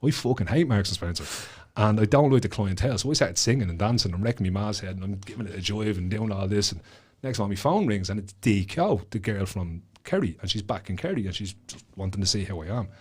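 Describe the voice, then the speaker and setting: A lowish, slightly rough voice with lively intonation belongs to a fast-talking Dubliner who is appearing as a guest author. His story is animated and profane, and he acts out each voice in it.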